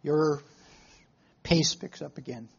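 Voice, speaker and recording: A man preaching a sermon to a live congregation, telling stories in a folksy way with halting restarts and questions to the room. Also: a little high, gravelly, breathy edge, muffled recording.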